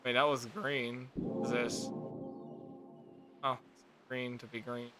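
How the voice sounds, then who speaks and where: A man's voice: mid-range voice, little pitch movement, slow pace. A man giving let's play commentary on a video game, exasperated and swearing often. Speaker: gaming video creator. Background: game music.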